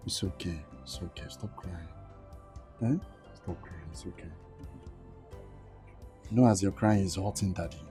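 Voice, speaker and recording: An actor with a Nigerian accent playing a gentle father, softly coaxing and soothing a crying child. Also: deep voice. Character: gentle father comforting his daughter. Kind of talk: Nollywood film acting.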